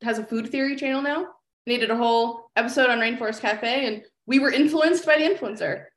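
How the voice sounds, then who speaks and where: Woman guest, friendly and rambling; slightly high, roomy echo. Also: a little fast, a little hiss or hum. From United States. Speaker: guest author. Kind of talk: casual chat.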